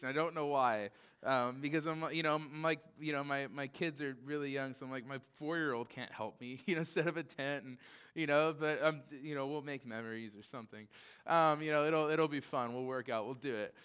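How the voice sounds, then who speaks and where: A man's voice: a little high, fairly bright tone, clear, resonant tone. A man in his thirties, a pastor, preaching a conversational sermon that moves from casual asides to earnest emphasis.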